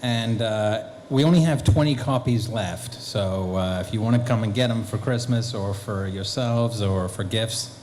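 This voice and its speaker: A man, a guest actor and author, telling lively anecdotes at a convention Q&A, acting out bits of dialogue. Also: on the low side, unhurried, hardly any pauses, a little hiss or hum. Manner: animated storyteller, acting out quotes. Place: convention hall.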